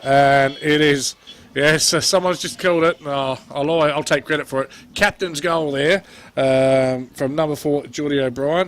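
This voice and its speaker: A man with an Australian accent calling a local football game play by play, chatty and jokey. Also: a little high. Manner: chatty, jokey, excitable on goals. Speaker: play-by-play commentator. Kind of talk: amateur sports commentary.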